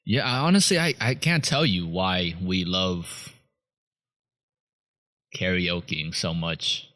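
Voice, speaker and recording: A man co-hosting a podcast in loose, unscripted chat. His voice sits a bit low, and he keeps breaking into laughter and casual swearing. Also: slow pace, bright, forceful tone. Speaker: podcast co-host.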